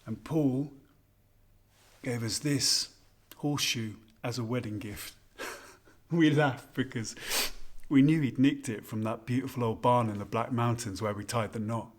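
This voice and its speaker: A man's voice: medium pitch, measured pace, pauses often, lightly acted. An actor performing a scripted monologue as a husband who fondly and ruefully reminisces while toasting his wife on their anniversary. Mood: wistful. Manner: intimate, confiding, rambling reminiscence. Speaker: narrator of a spoken monologue.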